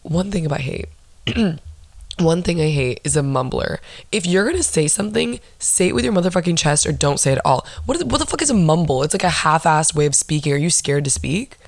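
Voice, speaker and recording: A young woman in her twenties hosting a solo podcast, telling stories in a blunt, profane, animated way. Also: low-pitched, fairly quick, vocal fry, no echo. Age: 20s. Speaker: podcast host. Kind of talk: casual solo chat.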